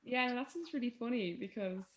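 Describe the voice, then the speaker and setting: A woman's voice: fairly high pitch, lively intonation, brisk, slight background noise. A young Irish woman interviewing a guest, friendly and hesitant, with many fillers. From Ireland. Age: young adult. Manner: friendly, hesitant, laughs between phrases. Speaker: student interviewer. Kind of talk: casual interview.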